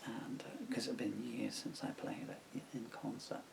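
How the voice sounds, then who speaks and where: Speaking in a whisper, an older English songwriter meanders through memories to camera at home, with plenty of fillers and asides. The camera-mic audio is poor, and his mid-range, darkish voice keeps a steady tone at a moderate pace with vocal fry.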